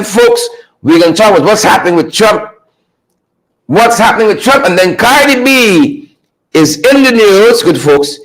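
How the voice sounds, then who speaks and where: A man hosting a live stream, greeting viewers by name and repeating his phrases with high energy. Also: poor audio. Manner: repetitive, hypes viewers with shout-outs.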